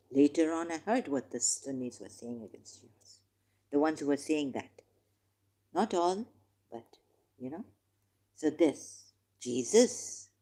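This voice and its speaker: A woman reading scripture aloud and commenting on it with passion, slowing down for the verses and pausing with hesitations. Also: sits low, dark tone. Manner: impassioned, reads verses slowly with hesitations. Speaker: religious commentator.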